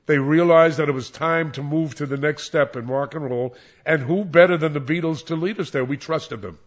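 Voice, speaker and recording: An older man, a former radio disc jockey, reminiscing in an interview in a rambling, animated way with many restarts. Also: on the high side, normal speed. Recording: dull lo-fi recording.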